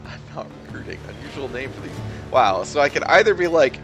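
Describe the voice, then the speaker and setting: A man's voice: medium pitch, very animated, moderate pace. A man streaming a video game, reading its text aloud and making sarcastic, profane, rambling comments. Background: game music.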